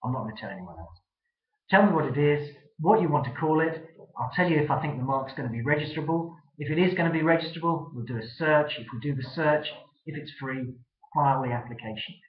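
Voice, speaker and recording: Man guest, direct advisor, somewhat high voice, echoey room, muffled audio. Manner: direct, brisk advice-giving. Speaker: trademark attorney guest. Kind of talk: giving advice in an interview. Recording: echoey, dull web-video sound.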